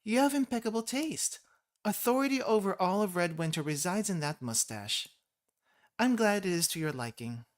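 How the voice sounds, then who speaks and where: A man's voice: sits high, animated, normal speed, pitched above the performer's own voice. A man reading the lines of a formal, fawning girl aide in a ceremonious manner.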